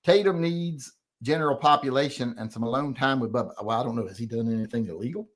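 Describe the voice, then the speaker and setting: A man's voice: mid-range voice, quick pace. A middle-aged man hosting a casual livestream chat, rambling and profane as he reads out comments and grumbles defensively about critics. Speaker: host.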